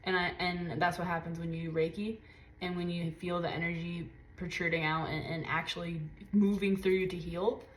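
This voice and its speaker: A woman giving a casual tarot reading, talking intensely and swearing freely. She drops to low murmurs and jumps to high exclaims as she gives a spiritual pep talk. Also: little pitch movement, moderate pace, a little hiss or hum. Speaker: tarot reader.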